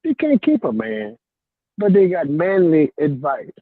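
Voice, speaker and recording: A man calling in to a morning radio talk show, chatting in an animated way, laughing often and crying out to the Lord. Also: a little high, a little slow, dry recording. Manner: animated, laughing, preacherly exclamations. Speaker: caller. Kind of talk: casual call-in talk. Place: warehouse. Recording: phone line.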